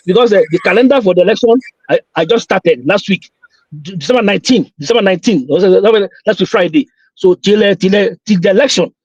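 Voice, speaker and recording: A man's voice: high voice, a little mellow, slightly rough, dry recording, highs cut off. A man calling in to a live talk show, insistent and repetitive, often stumbling over his words. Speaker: caller. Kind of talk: call-in chat on a live show.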